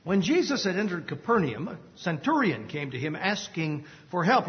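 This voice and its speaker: A man preaching an expository Bible teaching, measured and explanatory, with occasional filler pauses. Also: sits high, very animated. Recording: long reverb, dull lo-fi sound.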